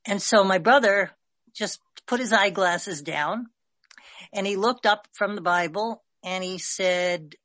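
A woman's voice: medium pitch, slow, a bit bright, no echo. Woman, rambling casual storyteller in a group, dry close recording. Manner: rambling, with many fillers. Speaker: discussion participant.

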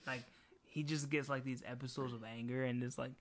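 A man's voice: mid-range voice, fairly even intonation, brisk. A young man co-hosting a casual podcast, telling rambling stories with heavy swearing. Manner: loose storytelling with heavy swearing. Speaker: podcast co-host. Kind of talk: casual chat.

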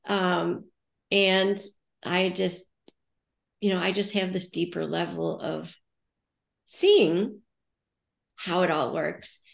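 Middle-aged woman, from the US, coach, unhurried, thoughtful, gravelly voice, roomy echo. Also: fairly low pitch. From United States. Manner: thoughtful, acts out her own inner dialogue. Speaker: coach and podcast co-host. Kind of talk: reflective casual podcast talk.

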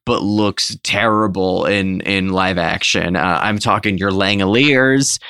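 A man co-hosting a comedy podcast, riffing an improvised pitch in a rambling, filler-heavy way. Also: measured pace, pushed and bright, clean tone, no echo, clean studio sound. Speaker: podcast co-host.

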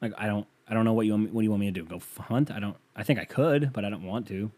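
A man's voice: fairly low pitch, lively intonation, rapid-fire, a little mellow. A young man hosting a podcast, riffing in a casual comedic monologue, rambling and wry with lots of fillers. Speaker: podcast host.

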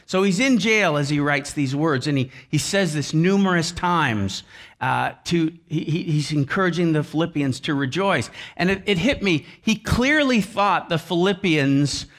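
A man's voice: fairly high pitch, animated, normal speed, a bit bright. A man preaching a sermon with emphasis, repeating key phrases over and over. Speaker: pastor.

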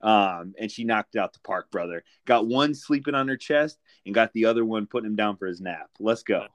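A young man hosting a casual podcast, laid-back and full of "dude" and "brother." His voice sits a little low. The sound is close and dry, with no room around it. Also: brisk, no echo. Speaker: podcast host. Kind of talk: casual chat.

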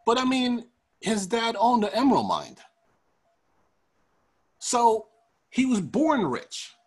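A man hosting a podcast, giving profane, ranting political commentary in a casual, animated way. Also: extremely high pitch, slow, slightly rough. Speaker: podcast host.

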